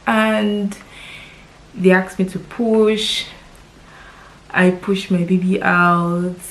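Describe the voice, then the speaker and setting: A Nigerian woman in her thirties speaks to her vlog audience about something deeply personal. Her voice is tearful at times and heartfelt, and she repeats words for emphasis as she tells her story. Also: steady tone, very slow, poor audio. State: crying at times. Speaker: lifestyle vlogger.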